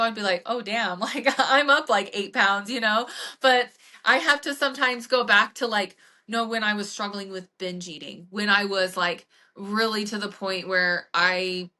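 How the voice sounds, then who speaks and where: A woman fitness coach hosting a podcast, telling stories in casual chat with lots of "like" and acted-out quotes. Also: mid-range voice. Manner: animated storytelling with frequent "like" and acted-out quotes.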